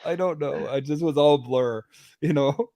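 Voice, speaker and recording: A man hosting a casual dog-training talk, telling stories in an animated way and swearing casually. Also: fairly high pitch, unhurried, dry recording. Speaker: host. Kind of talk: casual chat.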